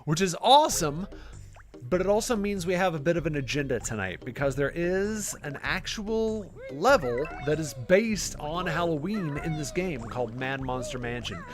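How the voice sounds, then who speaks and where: A man's voice: a little high, expressive, normal speed, soft background music. A man hosting a live gameplay stream, chatting casually in a rambling, self-deprecating way with plenty of fillers. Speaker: gaming channel host.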